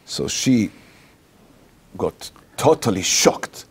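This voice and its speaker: Slow, gravelly Israeli rabbi telling a story. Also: male voice, lowish voice. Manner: animated storytelling in halting, non-native English. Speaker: rabbi, interview guest. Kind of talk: personal anecdote told in an interview.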